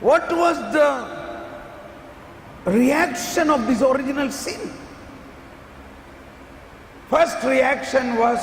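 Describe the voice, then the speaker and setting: Male retreat preacher, very high voice with gravel, emphatic sermon, long hall echo. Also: slow. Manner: emphatic, rhetorical questions, acts out dialogue. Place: large church hall. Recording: echoey hall, faint room noise.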